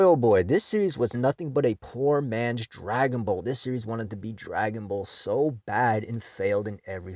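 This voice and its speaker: A man's voice: medium pitch, gravelly, dry recording, clean studio sound. A man who hosts his own channel, giving an exasperated, profane rant review of manga.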